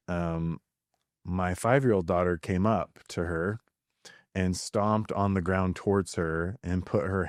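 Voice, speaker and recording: Low-voiced man, earnest podcast host. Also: a little mellow, smooth, no room sound, clean studio sound. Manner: earnest, halting, with many fillers and restarts. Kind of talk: reflective podcast monologue.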